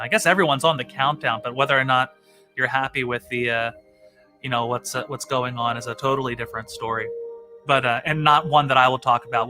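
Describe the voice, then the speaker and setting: A man hosting his own live stream, chatting casually with many "uh" fillers. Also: medium pitch. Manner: chatty, frequent "uh" fillers, relaxed.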